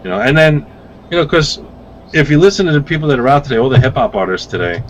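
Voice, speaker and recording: A man on a podcast as a guest vape reviewer, rambling through casual stories with lively acted-out quotes and some swearing. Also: medium pitch, fast talker, slight background noise, low-quality recording. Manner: rambling, animated storytelling with swearing.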